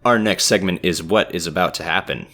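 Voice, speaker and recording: Deep-voiced male co-host and player, thoughtful and halting as he tells his character's story. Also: bright, forceful tone, soft background music. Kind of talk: casual tabletop game play.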